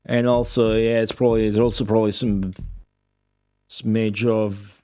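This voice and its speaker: A man's voice: on the low side, level tone, unhurried, darkish tone, dry recording, clean studio sound, soft background music. A man with Italian as his first language, streaming a game live and chatting with viewers in English with a slight Midwestern and Australian tinge. He talks in a profane, rambling, offhand way. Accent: slight Midwestern with a touch of Australian. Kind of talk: live gameplay commentary with chat.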